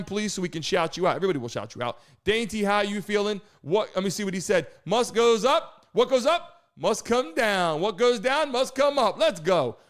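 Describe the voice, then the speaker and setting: A man hosting a live stream, hyping the chat, shouting out viewers and talking loosely with some swearing. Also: high voice. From United States.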